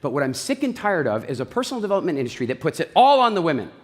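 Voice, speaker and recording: A middle-aged man giving a motivational talk on stage to a live audience. He tells stories animatedly and acts out quotes, then shifts to a slow guided relaxation. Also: on the high side, big pitch swings. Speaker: speaker on stage. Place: large hall with audience. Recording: long hall reverb.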